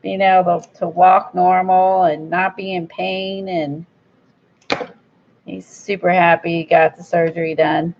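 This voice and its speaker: A woman talks through her craft project in loose, rambling chat and speaks bluntly about her lack of patience. Her voice has a gravelly fry to it. The recording sounds dull and lo-fi. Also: lowish voice, little pitch movement, unhurried, a little hiss or hum. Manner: blunt, rambling, self-described impatient. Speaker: crafter vlogger. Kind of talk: casual chat while crafting.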